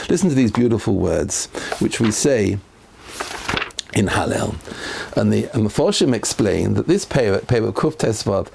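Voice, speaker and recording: A man's voice: gravelly, darkish tone, slightly rough. A man, a rabbi, giving a Torah class in an earnest lecturing manner, his voice rising when he quotes verses. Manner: earnest, rises in pitch when quoting verses.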